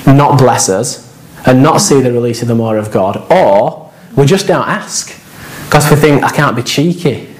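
A man's voice: medium pitch, unhurried, slight background noise. A man preaching a sermon as pastor, in a conversational, anecdotal way with quoted asides.

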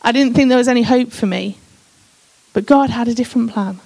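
Woman, testimony speaker, emphatic, reads scripture between personal asides, slightly high pitch. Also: brisk, creaky, a little mellow, low-quality recording. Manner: emphatic, addresses listeners as "guys". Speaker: speaker sharing her testimony.

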